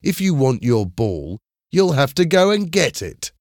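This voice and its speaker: A man's voice: medium pitch, big pitch swings, unhurried, no room sound, clean studio sound, pitched above the performer's own voice. A man voicing a taunting schoolboy bully. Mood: mocking. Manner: taunting, loud. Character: cruel mocking schoolboy bully.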